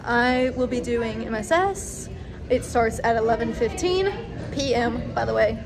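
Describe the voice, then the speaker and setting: A woman's voice: a little high, lively intonation, a little slow, music in the background. Chatty young college woman. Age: young adult. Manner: chatty, upbeat, says "like" often. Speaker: vlogger, college student. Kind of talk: casual vlog chat.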